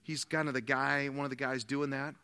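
A man preaching a sermon, telling stories with animated quoted dialogue. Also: mid-range voice, a little fast, smooth, big-room sound. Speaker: pastor.

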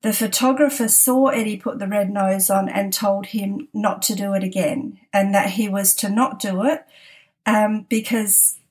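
A woman's voice: medium pitch, fairly even intonation, measured pace, a little mellow, close to an everyday voice, poor audio. A woman quoting a stern, pompous male school principal in a stiff, disapproving tone close to her own voice.

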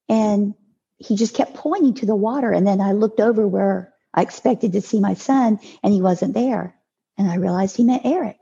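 An older woman tells a painful family story as an interview guest. Her voice is gravelly and husky with a mellow, dark tone. She speaks haltingly and often restarts, on a dull, lo-fi recording. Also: medium pitch, expressive. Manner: halting, with restarts and repeated words. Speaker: podcast guest. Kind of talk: emotional personal storytelling in an interview.

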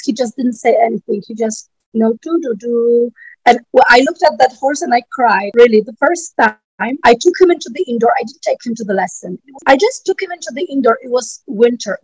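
Husky-voiced woman. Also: fairly high pitch, no room sound, low-quality recording. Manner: animated storyteller, frequent "you know" fillers. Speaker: riding school owner. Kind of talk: casual interview talk.

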